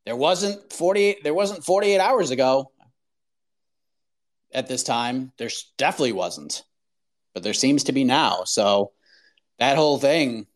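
A man hosting a call-in show, chatting casually and handing the floor to callers. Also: mid-range voice. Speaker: show host.

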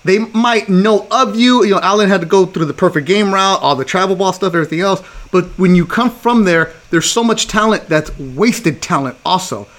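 A man's voice: high voice, moderate pace, hardly any pauses. A man hosting a podcast, chatting casually and teasing his guests. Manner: teasing, animated. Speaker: podcast host. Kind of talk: casual chat.

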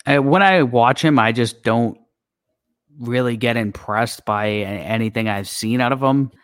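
A man's voice: mid-range voice, a little slow, clear, resonant tone, no room sound. A man co-hosting a casual sports podcast, plain-spoken and agreeable, with some hesitations. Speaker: podcast co-host.

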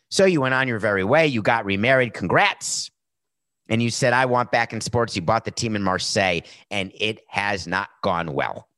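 A man's voice: on the low side, fairly bright tone, no echo. Brash, tired-voiced sports talk host, man. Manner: brash, sarcastic, emphatic. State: tired, sore voice. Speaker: podcast host.

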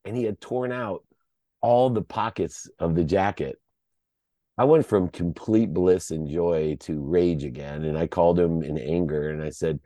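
Deep-voiced man telling a heartfelt story. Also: normal speed, mellow, no echo, clean studio sound. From United States. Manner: heartfelt, choked up at times, restless repeated starts. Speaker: podcast guest. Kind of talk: emotional personal storytelling.

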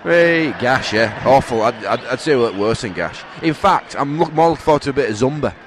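A man's voice: mid-range voice, lively intonation, brisk, a little hiss or hum. A man co-hosting a football chat show, teasing and laughing with his co-host. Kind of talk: casual banter commentary.

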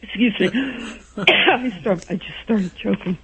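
A woman's voice: medium pitch, takes it slowly. A woman, a therapist and guest author, telling a story in a radio interview and acting out the voices she quotes. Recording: dull lo-fi sound with faint noise.

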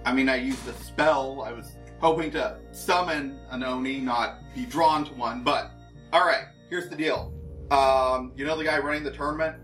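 A man at a tabletop game explaining his plans with small hesitations. His voice is middle in pitch and unremarkable. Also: steady tone, normal speed, fairly bright tone, soft background music. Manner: hesitant, plain. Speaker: player. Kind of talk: casual tabletop game chat.

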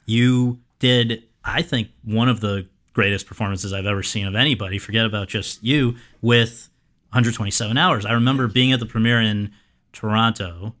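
A man's voice: fairly low pitch, steady tone, moderate pace, fairly bright tone. A man hosting an interview, asking long, effusive, conversational questions. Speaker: host.

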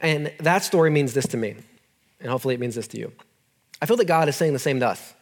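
A man's voice: mid-range voice, animated, fast talker. A young man preaching a sermon in a casual, earnest way to a group in a room. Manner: casual, earnest, talks to listeners as "dude". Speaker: youth pastor.

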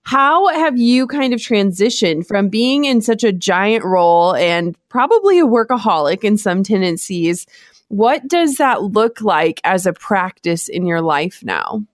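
A woman hosts a podcast interview, asking questions in an encouraging, affirming way. Her voice sits in a middle pitch range, and the recording is dry, with no room echo. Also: very animated, measured pace. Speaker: podcast host.

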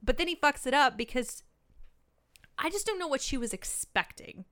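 A woman's voice: high voice, moderate pace. A woman co-hosting a podcast, casually recapping a movie and acting out characters' lines as she tells it. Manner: animated storytelling, acts out quoted lines. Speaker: podcast co-host. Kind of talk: casual chat recapping a film.

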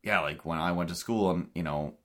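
A man's voice: deep voice, brisk, fairly bright tone. A man with a Cape Breton accent co-hosting a podcast in casual chat, rambling with many fillers and restarts. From Cape Breton, Canada. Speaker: podcast co-host.

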